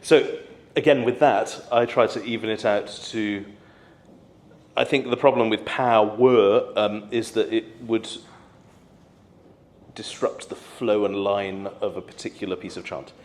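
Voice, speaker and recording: A man, coaching singers through a diction workshop in a calm, encouraging way. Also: on the low side, unhurried, slight background noise. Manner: patient, encouraging coaching with sung demonstrations. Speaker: choir director leading a diction workshop. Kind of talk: singing workshop instruction. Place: hall at a conference. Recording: echoey hall.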